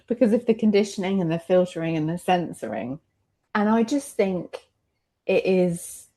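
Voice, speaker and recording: A woman's voice: fairly low pitch, warm tone. A mother in a candid roundtable conversation, speaking reflectively and emotionally, often laughing between her thoughts.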